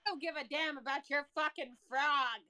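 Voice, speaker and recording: A woman playing a tabletop game casually, blunt and quick to swear. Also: sits high, fairly even intonation, sharp tone. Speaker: player.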